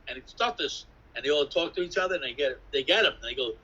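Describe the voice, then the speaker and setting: Husky, bright-voiced New man telling stories. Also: on the high side, quick pace, highs cut off. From New York City. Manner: rambling, animated, acts out voices, swears. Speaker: interviewee, graffiti artist. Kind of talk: casual storytelling interview.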